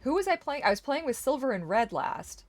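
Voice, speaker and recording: A young woman streamer giving casual gameplay commentary, chatty, swearing freely and exclaiming loudly at the game. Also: high-pitched, big pitch swings, brisk, no room sound. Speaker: gaming streamer.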